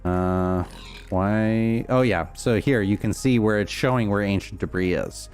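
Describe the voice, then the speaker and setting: A man's voice: fairly low pitch, a little slow, darkish tone, faint music behind. A young man chatting casually on his livestream while playing, rambling and answering chat with lots of fillers. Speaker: streamer.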